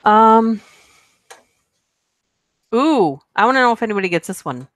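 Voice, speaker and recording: Here a woman hosting a laid-back livestream chats playfully with viewers, laughs frequently and reads movie quotes out loud. Her voice is a little high with big pitch swings; she's unhurried, pausing often, and there's no echo.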